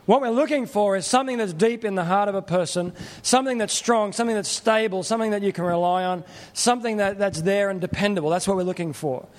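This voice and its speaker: In a large hall, a middle-aged pastor delivers a sermon in a high voice, speaking fast. His style is plain-spoken, earnest, and conversational.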